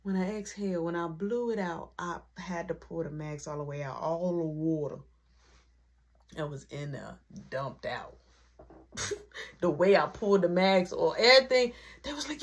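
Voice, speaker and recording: Husky-voiced woman telling a lively story. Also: mid-range voice, moderate pace. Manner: animated, acts out every quoted voice. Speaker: vlogger. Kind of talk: casual storytime vlog.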